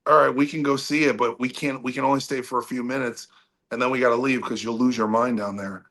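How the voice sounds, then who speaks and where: A man voicing a calm, quiet Grim Reaper. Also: medium pitch, quick pace, lightly acted. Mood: matter-of-fact. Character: Grim Reaper, calm and matter-of-fact guide.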